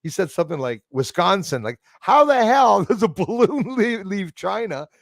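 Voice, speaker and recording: A man hosting a casual chat, telling stories in an excitable, animated way. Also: high-pitched, moderate pace, vocal fry, dry recording, clean studio sound. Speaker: podcast host.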